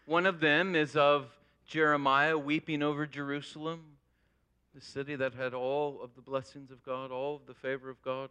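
A man delivers a sermon, his voice pitched high and ringing clean and smooth. He tells his story in an animated way, leaning hard into the key phrases. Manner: animated storytelling with rising emphasis. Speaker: pastor.

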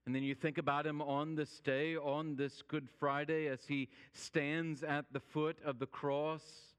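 A male pastor preaching a sermon, swinging from loud urgency down to a hushed near-whisper. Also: a little high, level tone, measured pace, hardly any pauses, smooth. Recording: long hall reverb.

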